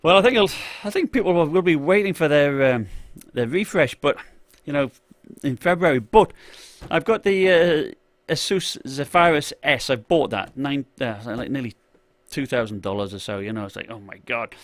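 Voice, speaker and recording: A man's voice: fairly high pitch, lively intonation, normal speed, hardly any pauses, no echo. A man chatting on a live stream about tech, rambling with lots of fillers and restarts, and greeting viewers from the chat.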